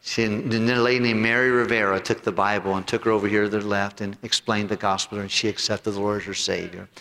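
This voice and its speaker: A male pastor preaching a sermon and telling a personal story in earnest, sinking low and soft when he quotes people. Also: flat delivery, fast talker. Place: church sanctuary. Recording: long hall reverb.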